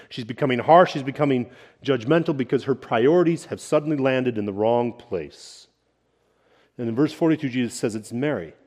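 A middle-aged senior pastor preaching a sermon in a conversational way, often checking in with "right?" and building to emphatic points. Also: male voice, mid-range voice, darkish tone.

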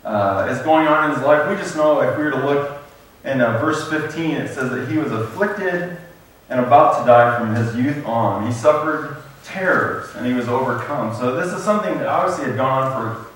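A man's voice: mid-range voice, moderate pace, fairly bright tone. Male pastor, conversational sermon with scripture reading, recorded distant in a reverberant sanctuary. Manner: conversational preaching with fillers, reads scripture aloud. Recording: very echoey room, mic far off.

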